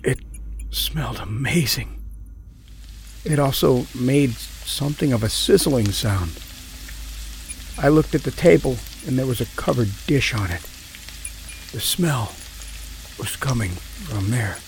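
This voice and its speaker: An actor playing a troubled male prisoner who swings between angry outbursts and regretful narration, with a slightly husky voice. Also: medium pitch, animated, slow pace, long pauses, slight background noise. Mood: reflective. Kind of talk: audio drama with first-person narration.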